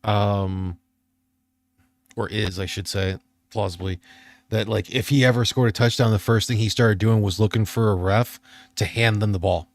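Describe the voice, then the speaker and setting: A man's voice: lowish voice, fairly even intonation, moderate pace. A man telling stories in a rambling way on a casual podcast, often restarting his sentences. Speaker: podcast co-host. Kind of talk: casual chat.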